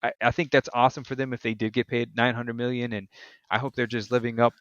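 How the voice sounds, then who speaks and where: A man's voice: mid-range voice, level tone, quick pace, fairly bright tone, dry recording. Easygoing man on a dull, dry mic. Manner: laid-back, swears freely, says "man" often. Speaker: podcast co-host. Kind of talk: casual chat.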